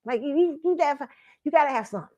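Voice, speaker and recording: A woman hosting a casual pop culture commentary show, animated and laughing often, swearing freely and acting out her own reactions. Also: high voice, racing. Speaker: host.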